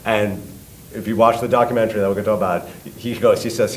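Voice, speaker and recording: A middle-aged man from New York with a New York accent, a guest telling a story with loud acted-out quotes and swearing. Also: lowish voice, quick pace, slight background noise, low-quality recording. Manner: lively, acts out quotes loudly, swears. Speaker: guest, tribute band singer. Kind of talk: animated storytelling.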